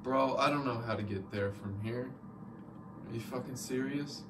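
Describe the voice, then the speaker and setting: A man's voice: medium pitch, normal speed, recorded from a distance. A young man commentating his own gameplay, frustrated and swearing constantly. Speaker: gamer playing live. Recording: noisy background ambience.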